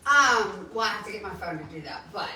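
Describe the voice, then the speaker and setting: Bright-voiced woman bookstore owner, echoey. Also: medium pitch, brisk. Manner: animated retelling, laughs into quotes. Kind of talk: casual storytelling at a live book event. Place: bookstore event. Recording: echoey room, distant mic, faint noise.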